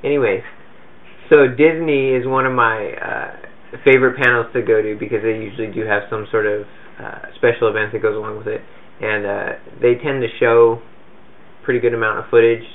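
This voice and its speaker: A man's voice: mid-range voice, little pitch movement, fairly quick. A man chatting casually as a podcast co-host and film reviewer, rambling along with fillers and restarts. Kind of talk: casual chat. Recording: tinny phone-like sound.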